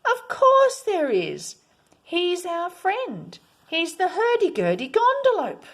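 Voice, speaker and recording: A woman voicing a group of excited young children in a read-aloud storybook, calling out together. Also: high voice, normal speed, pitched above the performer's own voice, heavily acted. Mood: cheering.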